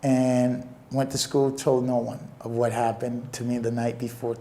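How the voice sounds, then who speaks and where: A young man telling a personal story in an interview, earnest and emotional, with halting pauses. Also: medium pitch, level tone, dark tone, a little hiss or hum.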